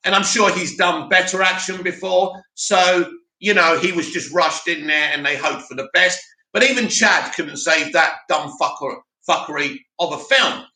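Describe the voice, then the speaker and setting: A man with a high, very bright, forceful voice hosts a live stream, chatting animatedly and reading out viewer comments. His voice rings in an echoey room. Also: normal speed. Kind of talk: casual live-stream chat. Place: home studio in Cyprus.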